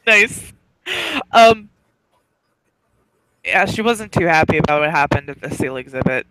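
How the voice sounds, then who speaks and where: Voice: mid-range voice, expressive, unhurried, noisy background, natural voice. A player voicing Ron, a tired, laid-back young man. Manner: laid-back, hesitant with fillers.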